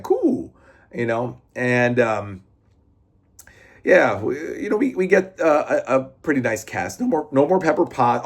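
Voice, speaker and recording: Male reviewer, casual, rambling delivery, middle pitch. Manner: rambling, lots of fillers, restarts and swearing. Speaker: comic book reviewer.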